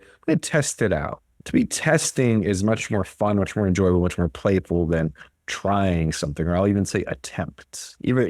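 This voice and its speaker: A man's voice: mid-range voice, a little mellow, no echo, studio quality. A man hosting a motivational solo podcast, coaching listeners with energy and rhetorical questions, often checking in with "right?" and "okay?". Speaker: podcast host.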